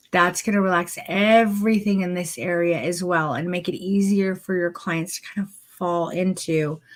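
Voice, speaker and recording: A woman runs an online photography masterclass, talking right to her viewers in a low-ish, encouraging voice. She coaches and demonstrates as she goes, friendly and hands-on. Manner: encouraging, addresses viewers directly. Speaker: photography posing instructor.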